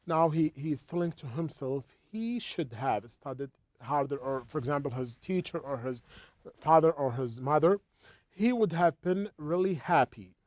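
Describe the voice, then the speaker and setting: A man teaching an English lesson, explaining slowly and repeating words as he goes. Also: fairly high pitch, lively intonation, a little mellow, no echo.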